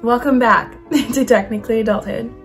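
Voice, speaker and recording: A young woman in her twenties hosting her own podcast, talking casually to camera in a chatty, animated way with lots of fillers. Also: on the high side, normal speed, loud music behind the voice. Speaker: podcast host. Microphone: camera mic.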